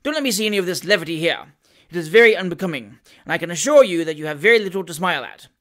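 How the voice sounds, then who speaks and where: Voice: medium pitch, animated, normal speed, a bit bright, natural voice. A reader voicing a pompous, flustered male country magistrate in an audiobook, stern and blustering with some stammering.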